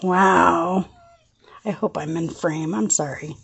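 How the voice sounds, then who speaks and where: A woman chatting through a casual craft show-and-tell vlog, gushing and excitable, laughing often and shaky with excitement. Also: on the low side, slow pace, gravelly, husky. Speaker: craft vlogger.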